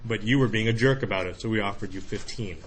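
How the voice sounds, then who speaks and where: A man teaching a history lecture in a classroom, lively and joking, acting out quick voices to explain his points. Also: fairly low pitch. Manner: animated, acts out voices in analogies.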